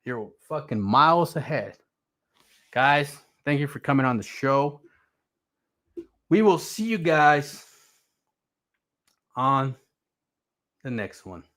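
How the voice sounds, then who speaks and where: A man's voice: mid-range voice, lively intonation, slow, long pauses. Profane blunt man ranting about markets. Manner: blunt, profane, repetitive, swings loud. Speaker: crypto streamer. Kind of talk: profane motivational rant.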